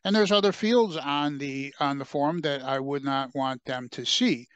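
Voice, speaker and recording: A man presenting a software demo in a webcast, talking through his screen with frequent fillers and restarts. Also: medium pitch, smooth, dry recording. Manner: halting, many fillers and restarts.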